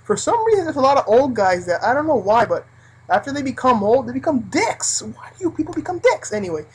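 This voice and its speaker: Husky young adult rambling through work stories. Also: sits high, big pitch swings, quick pace, poor audio. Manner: rambling, heavy use of like and you know. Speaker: vlogger recounting fast-food job. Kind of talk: casual storytelling.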